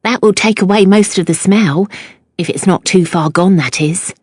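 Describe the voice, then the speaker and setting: A woman's voice: mid-range voice, moderate pace, no room sound, studio quality, natural voice. A woman voicing a hesitant, anxious cookmaid who speaks with worried caution in an audiobook.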